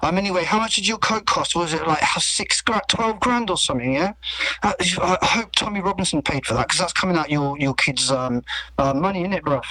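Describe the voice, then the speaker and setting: A man's voice: on the high side, a little fast, poor audio. A man in a confrontational, swearing street argument. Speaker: street debater. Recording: outdoor debate with a loud crowd.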